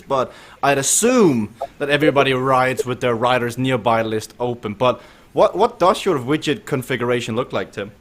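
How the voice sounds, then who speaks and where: A man's voice: mid-range voice, slight background noise. A man hosting a casual live stream of a group bike ride, joking and laughing often and asking riders questions. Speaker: host of a virtual cycling group ride stream.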